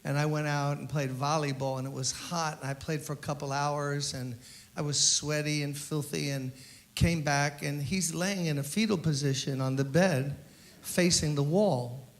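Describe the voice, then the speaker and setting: A man, a pastor, giving a eulogy at a memorial service as an animated storyteller who acts out the quotes. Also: on the high side, normal speed.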